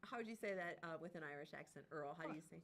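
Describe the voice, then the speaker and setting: A woman hosting a live shopping stream, bubbly and quick to laugh, with lively sales patter. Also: low-pitched, slight background noise. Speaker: shopping channel host.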